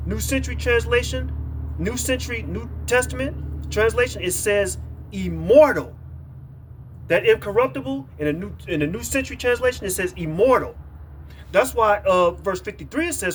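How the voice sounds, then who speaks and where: A man with a husky, breathy voice set fairly high preaches a sermon, reading Bible verses aloud and then going back over them. He talks, pauses often on "uh", and stacks up emphatic lists. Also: lively intonation, a bit bright. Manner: repeats verses, frequent filler "uh", emphatic lists. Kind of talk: street-camp sermon, reading scripture aloud.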